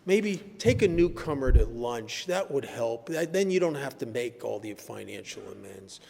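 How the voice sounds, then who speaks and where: A man's voice: mid-range voice, big pitch swings, normal speed, gravelly, voice pushed down. A man voicing the seductive inner voice of his addiction, coaxing and reasonable-sounding. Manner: soft, wheedling, reasonable-sounding. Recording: echoey hall.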